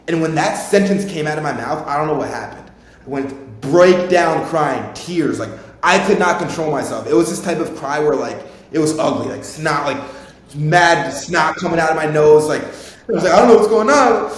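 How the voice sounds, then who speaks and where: In a very echoey room with a faint rumble, a podcast host in his twenties casually tells a rambling personal story, swearing freely throughout.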